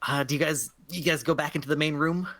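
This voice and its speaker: A woman's voice: deep voice, a bit bright. A woman narrating as game master of a tabletop role-playing game, casual and filler-heavy. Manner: casual, with many fillers and quick laughs.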